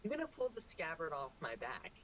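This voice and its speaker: A man plays his character in a tabletop game, asking wry, probing questions. His pitch moves around a lot, and faint noise is heard behind him. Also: wildly swooping pitch, a little fast, a bit bright, dull audio. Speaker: player. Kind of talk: in-character tabletop role-play.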